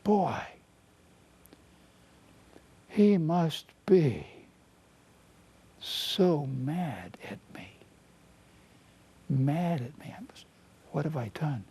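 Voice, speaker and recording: A therapist speaking as a nervous, self-doubting inner critic voice in slow, hushed, half-whispered self-talk. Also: male voice, fairly high pitch, expressive, husky, exaggerated voice. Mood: anxious.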